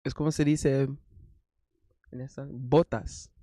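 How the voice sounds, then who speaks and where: A man's voice: mid-range voice, steady tone, unhurried, warm tone, dry recording, studio quality. A man streaming live, bantering casually with his chat, often exclaiming in disbelief and breaking into laughter.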